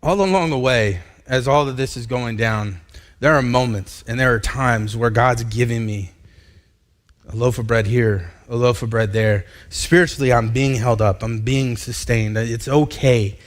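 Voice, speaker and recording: A man in his thirties, a pastor, preaching a candid personal testimony in a live church sermon, halting and restarting as he talks. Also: mid-range voice. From United States. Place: church sanctuary.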